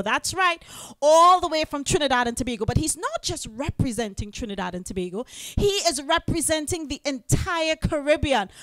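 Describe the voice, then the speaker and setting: An actress playing a stage announcer building up a performer's entrance. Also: female voice, high-pitched, a bit bright, no room sound. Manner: building hype.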